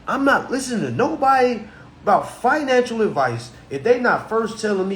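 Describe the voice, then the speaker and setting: A man's voice: sits high, very animated, a little fast, a bit bright. Guy in his 30s ranting about contracts, mocking and blunt, roomy echo, bit of hiss. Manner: blunt, mocking, acts out phone calls in voices. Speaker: consumer finance commentator. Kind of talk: animated solo commentary.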